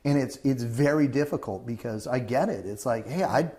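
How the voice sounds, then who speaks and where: Guy hosting a relaxed pet chat, rambly, keeps restarting, mid pitch. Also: normal speed. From Southern California. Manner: rambling, restarts often, acts out quoted people. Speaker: host. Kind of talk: casual chat.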